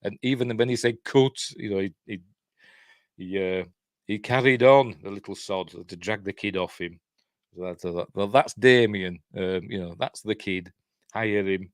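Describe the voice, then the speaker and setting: Casting: a rambling, chatty Yorkshire film reviewer, deep voice, dry recording. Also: male voice, normal speed, no room sound. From Yorkshire, England. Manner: rambling, chatty, lots of fillers and chuckles. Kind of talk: casual film breakdown.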